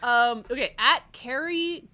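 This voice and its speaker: A woman's voice: high voice, slow, pushed and bright. A Canadian woman co-hosting a podcast, chatting casually, giggling and reading out listener comments. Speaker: podcast co-host.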